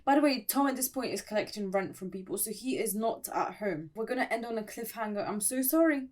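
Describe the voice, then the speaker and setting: A woman's voice: on the high side, animated, fairly quick, darkish tone. A young woman in a casual, playful recap of an online story, chatty and laughing often, with dramatic asides.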